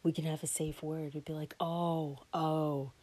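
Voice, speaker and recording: A woman with a fairly low, breathy voice tells a rambling story from her day. She chats loosely and dips into a hushed whisper whenever she voices what went through her head. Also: level tone, measured pace. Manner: chatty, often drops into a whisper for inner thoughts. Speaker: podcast host. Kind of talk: casual storytelling.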